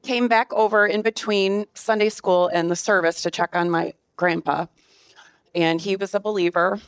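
A woman's voice: mid-range voice, fairly even intonation, normal speed, clean tone, no echo. A woman in a church group telling a personal family story, emotional and close to tears at times. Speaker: class member sharing a story.

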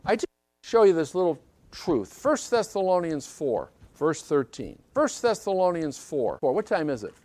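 A man's voice: fairly high pitch, very animated, normal speed, dark tone, no echo. A man preaching a sermon in an emphatic way, repeating key phrases and often checking with listeners by asking "okay?". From British Isles.

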